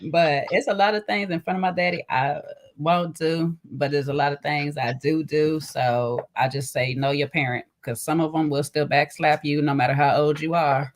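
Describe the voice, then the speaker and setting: A woman's voice: low voice, moderate pace. A woman co-hosting a casual podcast chat, telling stories with lots of laughter and speech. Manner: animated storyteller, laughs often, says "child" and "okay". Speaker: podcast co-host.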